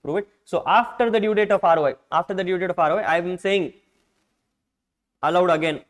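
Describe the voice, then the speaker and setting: A man's voice: high voice, fairly quick, rough recording. A man with an Indian English accent lecturing on tax law, repeating each point and quizzing the class with rhetorical questions.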